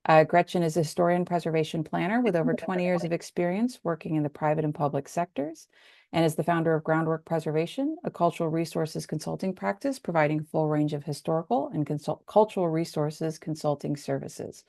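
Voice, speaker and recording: A woman with a low voice and a gravelly, creaky edge opens an online webinar, reading her welcome and sponsor notes in a steady, scripted way. The sound is dry and close, like a computer mic on a video call. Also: a little fast, no room sound. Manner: reads announcements, occasional fillers. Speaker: webinar programs manager.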